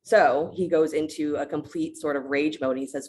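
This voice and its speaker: A woman yoga teacher who tells a myth to her class in a relaxed, conversational way, often checking in with "right?". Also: low voice, moderate pace, hardly any pauses, a little hiss or hum.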